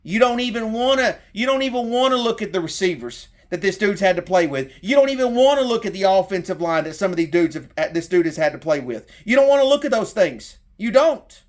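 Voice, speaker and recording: A middle-aged man with a Southern drawl and a very high voice rants about his team. He talks heated and profane, circling back on the same points. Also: expressive, quick pace, few pauses. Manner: heated, profane, repetitive rant. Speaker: sports fan content creator. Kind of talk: fired-up sports rant.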